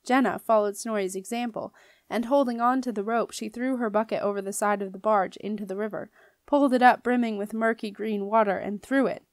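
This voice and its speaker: A woman narrating a children's fantasy novel as an audiobook reader, in clear, steady storytelling. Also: medium pitch, fairly quick, no room sound, studio quality.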